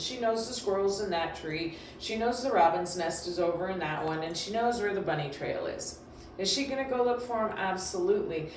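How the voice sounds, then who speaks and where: A woman dog trainer talks through her lessons in a casual, emphatic way, often repeating herself for stress. Her voice sits low. It rings through a very echoey room from a mic placed some distance away. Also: a little hiss or hum. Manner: emphatic, repetitive, chatty. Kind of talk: casual instructional talk.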